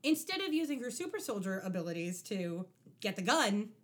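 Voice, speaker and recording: A woman's voice: mid-range voice, a little fast. A young adult woman in a casual chat, wryly recapping a TV episode and acting out lines from it. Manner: animated, wry, acts out lines from the show. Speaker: podcast co-host.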